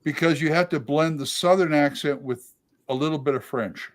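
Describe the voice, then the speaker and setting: Animated man chatting casually. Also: on the high side, moderate pace. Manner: animated, jumps between tangents. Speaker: co-host. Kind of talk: casual chat.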